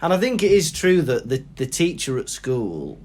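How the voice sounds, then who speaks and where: Animated chatty Welsh-born man. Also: mid-range voice. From Wales. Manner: chatty, animated storytelling with quick laughs. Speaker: podcast co-host. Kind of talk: casual chat.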